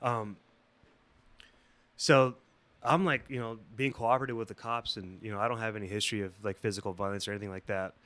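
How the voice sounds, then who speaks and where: A man's voice: lowish voice, brisk. A man guesting on a podcast, telling a story in casual, rambling, swear-heavy talk. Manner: profane, rambling, animated.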